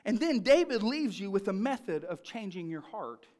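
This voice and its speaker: A male pastor preaching a sermon, telling family stories in an animated, punchy way. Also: high-pitched, moderate pace.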